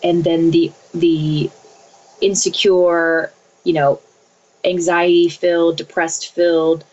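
A woman's voice: on the low side, flat delivery, slow pace, a little mellow, dull audio. A woman in her thirties answering interview questions earnestly, repeating phrases as she speaks about faith and family. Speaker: interview guest.

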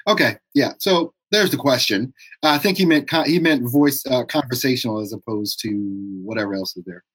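A man hosting a casual live-stream interview, relaxed and laughing often. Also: mid-range voice, a little fast, slightly rough. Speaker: show host.

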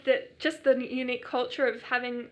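Chatty woman, higher voice. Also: steady tone, brisk, a little mellow, dull audio. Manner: chatty, laughs often, many fillers. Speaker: podcast co-host. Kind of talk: casual podcast chat.

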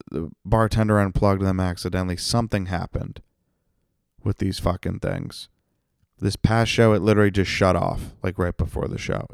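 Man, deep voice, gravelly fry, profane ranting podcast host, dry close sound. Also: a little mellow, no room sound. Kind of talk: casual solo podcast monologue.

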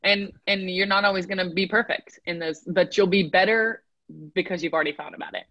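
A woman's voice: on the low side, steady tone, a little fast, fairly bright tone, low-quality recording. A woman speaking as a guest coach in a casual podcast conversation, talking emphatically and checking in with "right?" again and again. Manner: emphatic, repeats "right?" often. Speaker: mental performance coach guest.

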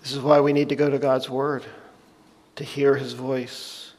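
A man's voice: mid-range voice, flat delivery, unhurried, darkish tone, a little hiss or hum. A man preaching a sermon, earnestly reading scripture aloud and explaining it plainly. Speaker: pastor. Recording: long reverb of a large hall.

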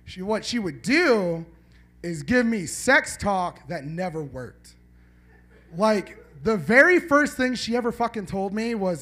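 A man's voice: high-pitched, sing-song, slow, pushed and bright. A man doing a live stand-up set in a small venue, rambling and swearing as he banters with the audience. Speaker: stand-up comedian.

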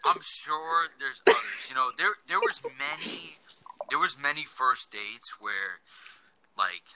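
A man co-hosting a podcast, chatting casually about past dates in a rambling, halting way with casual swearing. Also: mid-range voice, pushed and bright, slight background noise, poor audio. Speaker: podcast co-host. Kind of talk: casual chat.

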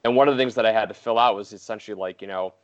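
Low-voiced man on a dull lo-fi mic. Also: rapid-fire. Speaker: podcast co-host. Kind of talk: casual chat.

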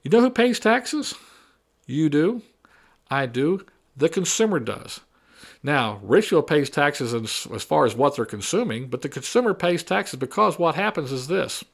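Combative male political commentator, higher voice. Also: animated, moderate pace, creaky. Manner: combative, repetitive, mocking. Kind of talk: opinion monologue.

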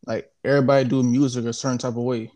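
A man's voice: medium pitch, level tone, very fast, a little mellow. A man chatting casually on a podcast in a laid-back way, laughing easily. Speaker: podcast co-host.

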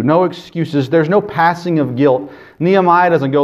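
A man preaching a sermon as pastor, earnest, swinging between loud emphasis and quiet, intimate asides. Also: a little high, moderate pace, few pauses. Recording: dull lo-fi sermon recording.

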